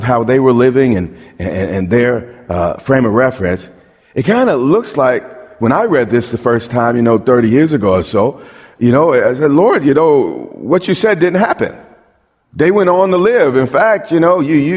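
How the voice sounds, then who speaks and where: A man's voice: fairly high pitch, a little mellow, slightly rough. A man preaching a sermon as pastor, emphatic, asking the crowd questions and repeating words as he builds a point. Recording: long hall reverb.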